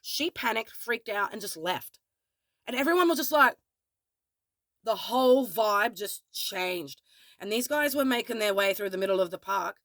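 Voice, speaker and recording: A young woman with an Australian accent talks straight to camera, telling a story frankly and cursing without restraint. Her voice sits in a middle pitch, and the recording is dry and close, with no room sound around it. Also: moderate pace, dry recording. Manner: candid, swears freely, animated retelling. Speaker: vlogger. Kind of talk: casual storytelling vlog.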